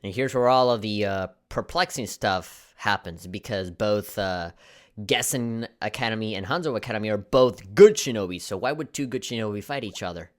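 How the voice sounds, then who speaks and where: A man's voice: on the low side, moderate pace. A man commentating a video game as its host and reading its text aloud, breaking into giggly, apologetic laughing fits. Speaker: let's play host.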